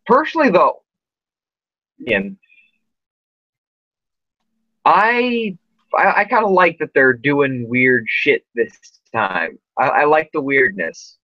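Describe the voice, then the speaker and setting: A man's voice: medium pitch, sing-song, takes it slowly, pauses often, no echo, dull audio. A man hosting a casual podcast chat, rambling with lots of fillers and restarts. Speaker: podcast host.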